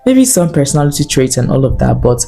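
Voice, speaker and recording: A young woman talking candidly to camera in a lifestyle vlog, earnest and confiding with lively asides. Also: very deep voice, quick pace, vocal fry, soft background music. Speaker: lifestyle vlogger.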